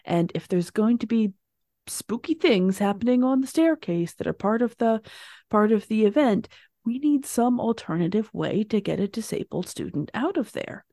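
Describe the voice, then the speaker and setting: A woman's voice: fairly high pitch, expressive, moderate pace, warm tone, no room sound, studio quality. A woman playing a tabletop game, speaking in character in a firm, insistent, businesslike way. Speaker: player. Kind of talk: in-character tabletop role-play.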